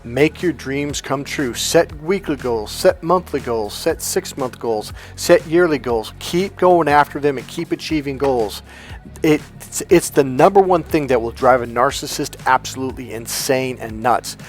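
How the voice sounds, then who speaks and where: A man's voice: mid-range voice, expressive, measured pace, faint music behind. A man giving a motivational vlog monologue as a coach, blunt, profane and emphatic. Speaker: relationship coach.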